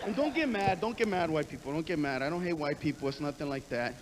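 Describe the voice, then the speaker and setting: A man doing stand-up, brash and profane, riffing fast on stage. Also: a little high, expressive, crowd noise. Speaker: stand-up comedian. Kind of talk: stand-up comedy routine. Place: live comedy stage. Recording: noisy live comedy recording.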